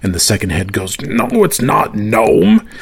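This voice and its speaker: A man voicing a two-headed monster, its heads asking each other slow, simple questions. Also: mid-range voice, huge pitch swings, creaky, slightly rough, pitched above the performer's own voice, exaggerated voice. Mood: dim menacing. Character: two-headed brute monster, dim and murderous.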